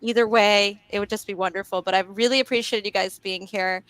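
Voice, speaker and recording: A woman's voice: medium pitch, steady tone, brisk, a bit bright, clean tone, no echo. A woman hosting a live online chat, talking frankly and laughing often. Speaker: host.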